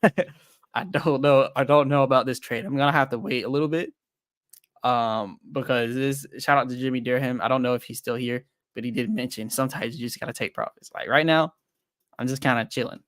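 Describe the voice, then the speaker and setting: A young man hosts a crypto trading livestream, chatting casually and reading viewer comments. He rambles loosely and thinks aloud with lots of fillers and restarts, frank and self-deprecating. His medium-pitched voice is brisk with fairly even intonation, recorded dry and clean like a studio.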